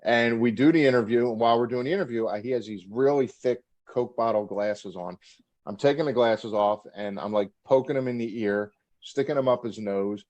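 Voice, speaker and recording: A middle-aged former wrestler with a mid-range, slightly mellow voice speaks briskly on dull audio. In a casual interview he shares backstage stories, laughing as he goes and acting out quotes.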